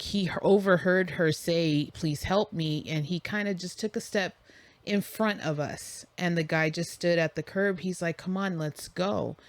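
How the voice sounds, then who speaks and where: A woman's voice: fairly low pitch, no echo. A woman co-hosting a casual talk show, telling a story and acting out the dialogue. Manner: animated, acts out quoted dialogue. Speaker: podcast co-host.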